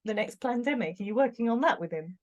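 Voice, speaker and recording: A woman's voice: on the high side, expressive, quick pace. A middle-aged British woman, a tarot reader hosting a casual chat, talking in a chatty, giggly, exclamatory way. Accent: British English. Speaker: tarot reader, channel host.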